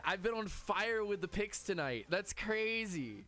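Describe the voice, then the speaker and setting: Excitable man hosting a live stream. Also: sits high, measured pace, few pauses, faint music behind. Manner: excitable, talks to chat. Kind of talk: casual live stream commentary.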